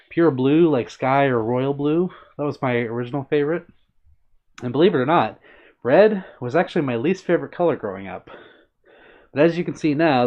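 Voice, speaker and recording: Upbeat guy chatting to his stream viewers, mid-pitched voice, kinda dull lo-fi audio. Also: darkish tone. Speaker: livestream host reading chat. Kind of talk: casual live-stream chat.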